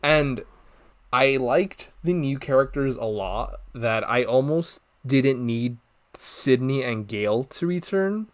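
A man's voice: mid-range voice, takes it slowly. A young man co-hosting a podcast, chatting casually about a movie and acting out lines from it with laughs. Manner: animated, acts out quotes with laughs. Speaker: podcast co-host. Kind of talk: casual movie review chat.

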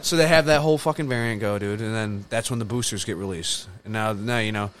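A man rambling quickly and swearing a lot in casual chat with friends. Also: lowish voice. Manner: rapid, rambling, swears a lot, animated retelling.

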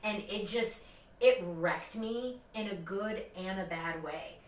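Animated woman chatting off-mic. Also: takes it slowly, recorded from a distance. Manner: animated, many fillers, high-pitched quoted voices. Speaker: podcast co-host. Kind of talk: casual chat, storytelling. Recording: echoey room, off-mic.

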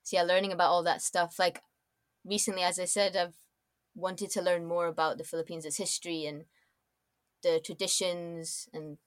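A woman guest on a casual podcast interview who rambles with lots of "like" fillers and lets her sentences trail off softly. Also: lowish voice, flat delivery, normal speed, no echo, studio quality. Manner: rambling, many likes and soft trailing-offs.

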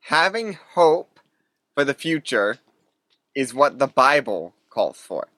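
A man co-hosting a casual theological discussion podcast, speaking in a measured, deliberate way. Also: mid-range voice, very animated, a bit bright, no echo. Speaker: podcast co-host.

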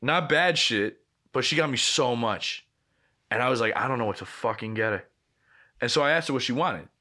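A man's voice: mid-range voice, animated, normal speed, pushed and bright. A young man co-hosting a podcast, telling a story in casual chat with blunt, profane language. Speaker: podcast co-host.

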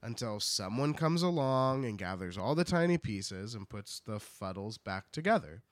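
A man's voice: fairly low pitch, normal speed, dry recording. A man co-hosting a podcast, retelling a book in casual chat and acting out characters. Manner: animated, acts out characters. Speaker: podcast co-host.

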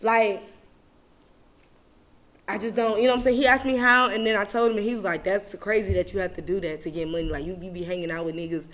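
Bright-voiced young woman venting loudly. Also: fast. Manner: animated and profane, swinging between loud outbursts and low muttering. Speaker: podcast host. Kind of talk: casual venting chat.

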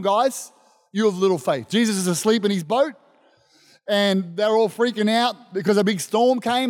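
A man preaching a sermon as pastor, animated and emphatic, calling out to his congregation. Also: high-pitched. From Australia. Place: church service. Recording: long reverb of a church hall.

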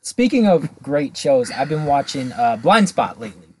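A young man with a slightly high voice, chatting eagerly with a friend and recommending a show. A faint noise sits under his voice. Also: sing-song, moderate pace, a little mellow. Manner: enthusiastic, short replies and describing a show. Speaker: podcast co-host. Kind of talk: casual chat. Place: home.

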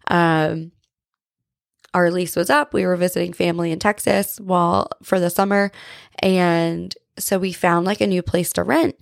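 Woman, podcast host, casual faith talk, earnest and chatty, gravelly fry, dry close sound. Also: fairly low pitch, steady tone, unhurried, no echo. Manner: chatty, peppered with "like" and "right?"; earnest, confessional.

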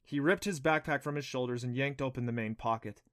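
A man reading an audiobook aloud with a steady storytelling delivery. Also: medium pitch, a little fast. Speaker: audiobook narrator. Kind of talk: scripted audiobook narration.

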